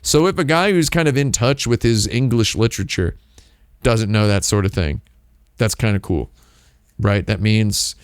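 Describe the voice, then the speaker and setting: A man's voice: on the low side, moderate pace, clear, resonant tone, no echo, studio quality. A man hosting a casual livestream, rambling and wry, often breaking off and restarting his sentences. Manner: rambling, self-interrupting, wry asides. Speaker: streamer host.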